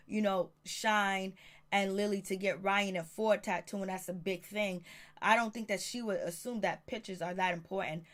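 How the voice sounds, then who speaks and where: Woman reviewer, casual TV recap, outspoken and profane, quick cast quotes. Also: mid-range voice. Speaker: show reviewer.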